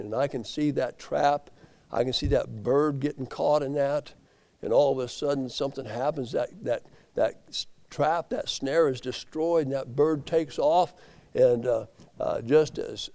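A man preaching a sermon, swinging from low, quiet asides up to loud emphatic peaks. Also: gravelly. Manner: rising to emphatic peaks, then dropping low.

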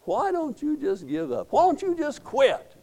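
A man's voice: very high-pitched, wildly swooping pitch, a little slow, darkish tone, pitched above the performer's own voice, full character voice. A man voicing the devil as a coaxing, taunting male tempter in a sermon, pushing with repeated questions.

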